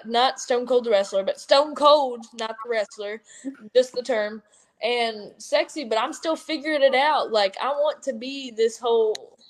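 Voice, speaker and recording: A twenty-one-year-old woman from Kentucky with an Appalachian accent, a wrestler talking loudly and rambling in an interview. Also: fairly high pitch, a little slow. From Kentucky, USA. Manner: loud, rambling, self-deprecating. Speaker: professional wrestler. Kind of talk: casual interview chat.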